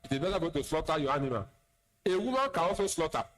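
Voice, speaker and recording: A man's voice: a little high, sing-song, very fast, fairly bright tone, rough recording. A man with a Nigerian accent, an imam giving a sermon, plain-spoken with teasing asides and repeated words. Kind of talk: sermon lecture.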